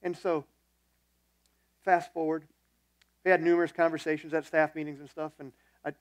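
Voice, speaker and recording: A man's voice: on the high side, little pitch movement, normal speed, no echo. A man preaching a sermon as the church's pastor, telling a personal story in a conversational, self-deprecating way.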